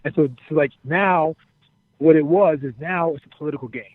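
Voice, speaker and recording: A man spins a backstage story in an animated, casual way, acting out the lines of the people in it and swearing freely. His voice sits a little high. The sound is tinny and narrow, like a phone line. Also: a little fast, dry recording. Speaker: interview guest, former wrestler.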